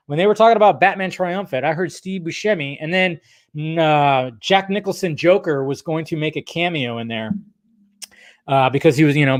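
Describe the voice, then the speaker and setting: A man's voice: fairly high pitch, dry recording, clean studio sound. A man hosting a casual livestream, reading chat questions aloud and answering in a rambling, profane way.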